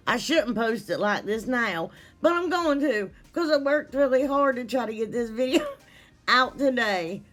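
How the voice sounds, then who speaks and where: Woman, unhurried, self-deprecating, rambling DIY vlog chat. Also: fairly high pitch, expressive, a bit bright. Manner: apologetic, laughing at herself, rambling. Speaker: DIY crafting vlogger. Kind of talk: casual crafting vlog narration.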